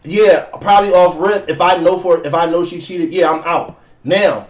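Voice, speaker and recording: A man's voice: high voice, steady tone, moderate pace, soft background music. Loose profane young man in echoey room. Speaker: podcast co-host. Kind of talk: casual chat.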